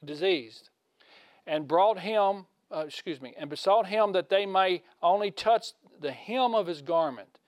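A man giving a conversational sermon in a folksy way, asking his listeners questions and swinging from loud to hushed. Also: high voice, expressive, measured pace, no echo. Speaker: preacher.

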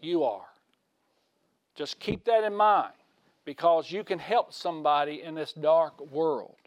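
A man giving a conversational sermon in a folksy way, asking his listeners questions and swinging from loud to hushed. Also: fairly high pitch, animated, unhurried, dry recording. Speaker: preacher.

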